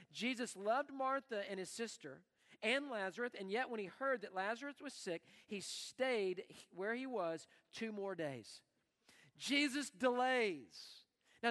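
A male pastor preaching a sermon dramatically, acting out quoted voices and swinging between loud and hushed. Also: high-pitched, big-room sound.

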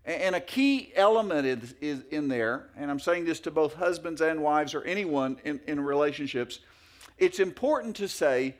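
A man's voice: on the high side, animated, moderate pace. A middle-aged male pastor preaching a sermon in a folksy, anecdotal way with many fillers and restarts.

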